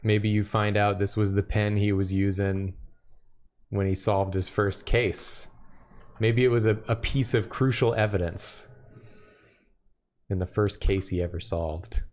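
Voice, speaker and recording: Guy cohost tossing out ideas, jokey, lowish voice. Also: steady tone, unhurried, long pauses, darkish tone. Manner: joking, brainstorming. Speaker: co-host. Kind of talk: casual chat about drawing.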